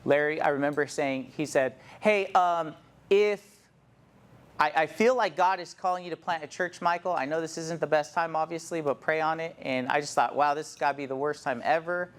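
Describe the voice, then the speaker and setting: A man's voice: fairly high pitch, normal speed. A man in his thirties, a church planter, telling a heartfelt personal testimony in an earnest storytelling manner.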